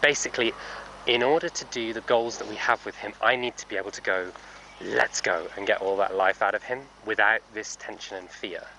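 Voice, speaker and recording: Bright-voiced man rambling thoughtfully. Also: on the low side, fairly even intonation, fairly quick, a little hiss or hum, poor audio. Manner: thoughtful, rambling, many fillers and self-corrections. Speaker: horse trainer. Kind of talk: casual vlog while working a horse.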